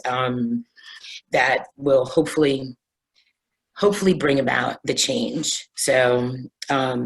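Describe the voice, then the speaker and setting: Woman with a really deep low voice, earnest and rambly, wrapping up a video call panel. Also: poor audio. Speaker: panel moderator. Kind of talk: webinar panel discussion.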